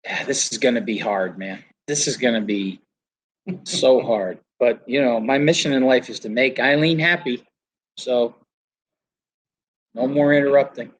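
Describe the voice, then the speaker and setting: A man's voice: medium pitch, unhurried, pauses often, a little hiss or hum, rough recording. An older man, a flooring trainer, chatting casually and telling stories about the trade with quoted voices. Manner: storytelling with quoted voices and laughs. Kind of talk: casual chat.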